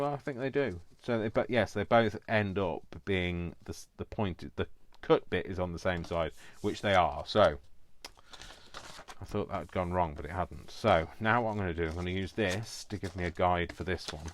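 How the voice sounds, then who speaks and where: Chatty deep-voiced man in his fifties. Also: slight background noise. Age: 50s. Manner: chatty, self-mocking, rambling asides. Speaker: craft vlogger. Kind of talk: casual chat while crafting.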